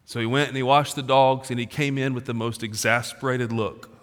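A man in his forties preaching a sermon as a pastor, talking casually and slangily, swinging from loud emphasis to low, quiet stretches. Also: fairly even intonation, fairly quick. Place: large church auditorium. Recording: long reverb of a large hall.

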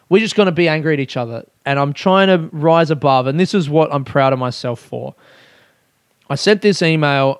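A young man, a comedian, telling a story casually, animated and self-mocking, his voice jumping high when excited. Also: smooth, no room sound, clean studio sound.

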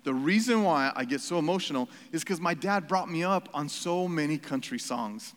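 Pastor, male, fairly high voice, earnest and emphatic sermon with a long hall echo. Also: lively intonation, moderate pace. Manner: earnest, emphatic preaching with repeated phrases and asides. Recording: reverberant hall.

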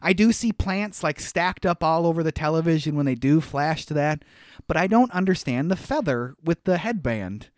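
A man's voice: fairly high pitch, animated, moderate pace, dry recording, clean studio sound. A young man with a Minnesota accent, casually recapping a movie on a podcast and laughing often. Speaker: podcast co-host.

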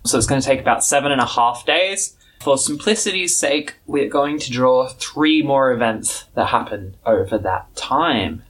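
A woman's voice: extremely low pitch, animated, moderate pace, husky. A woman narrating a tabletop game as game master, playful and casual.

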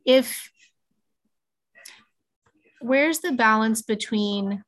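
A woman with a mid-pitched, everyday voice asks a follow-up question in casual conversation. She is thoughtful and a little hesitant, with "um"s and restarts. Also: moderate pace, a bit bright.

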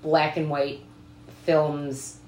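A woman co-hosting a podcast in an enthusiastic, playful chat style, with a notably low voice. Her voice carries a roomy echo. Faint noise sits in the background. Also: little pitch movement, drawn-out words, a little mellow. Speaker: podcast co-host.

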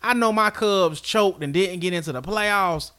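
A man's voice: sits high, moderate pace, pushed and bright, clear, resonant tone. A man co-hosting a podcast, giving blunt, scolding rants in casual sports chat. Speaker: podcast co-host.

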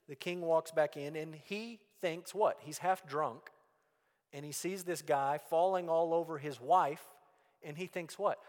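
A pastor giving a folksy, animated sermon. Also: male voice, a little high, a little slow. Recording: long reverb in a church hall.

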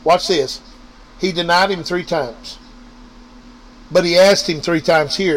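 A man's voice: high-pitched, takes it slowly, a bit bright, slight background noise, rough recording. Man preaching. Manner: preachy, repetitive, addresses listeners directly. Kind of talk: informal sermon. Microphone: online radio or podcast mic.

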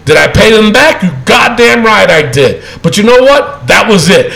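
A man's voice: high-pitched, animated, normal speed, vocal fry, a bit bright, rough recording. A man on a podcast, ranting in heated casual chat with lots of profanity and emphatic repetition. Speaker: co-host.

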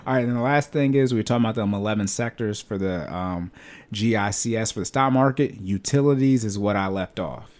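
A man's voice: lowish voice, fairly quick, a little mellow. A young man co-hosting a podcast, chatting casually about money and fitness, loose and joking with frequent laughs. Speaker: podcast co-host. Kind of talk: casual chat.

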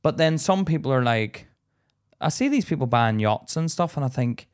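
A man co-hosting a podcast, chatting casually in a blunt, sweary way with quick stories. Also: medium pitch, animated. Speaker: podcast co-host. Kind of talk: casual chat.

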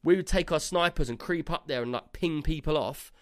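A man's voice: a little high, brisk, a bit bright, no room sound, studio quality. A man, co-hosting a casual gaming podcast and telling a long, rambling story full of fillers. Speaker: podcast co-host.

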